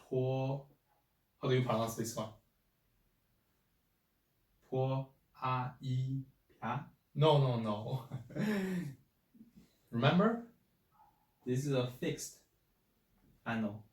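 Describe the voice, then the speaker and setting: A man's voice: mid-range voice, slow pace, long pauses, darkish tone, roomy sound, recorded from a distance, low-quality recording. A man teaching pronunciation, patiently repeating each syllable several times. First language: Chinese. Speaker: Chinese language teacher. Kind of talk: slow spoken language lesson.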